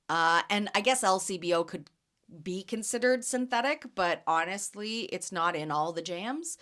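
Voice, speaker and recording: A young woman hosting a casual market podcast, chatting and telling stories with lots of fillers and animated asides. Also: mid-range voice, normal speed. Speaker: podcast host and jam vendor. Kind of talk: casual chat.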